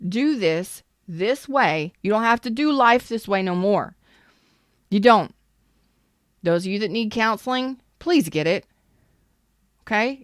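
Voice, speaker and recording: A woman with a lowish, smooth voice gives a casual live tarot reading. She talks bluntly and with emphasis, swearing freely, and the sound is close and dry. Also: no echo. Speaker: tarot reader.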